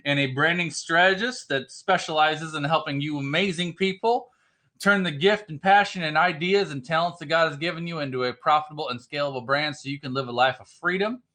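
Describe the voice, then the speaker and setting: Fired-up bright-voiced male livestream mentor. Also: fairly high pitch. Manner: fired-up, shouts greetings to chat viewers, swings loud and quiet. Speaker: startup business mentor and livestream host. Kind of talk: energetic motivational livestream talk.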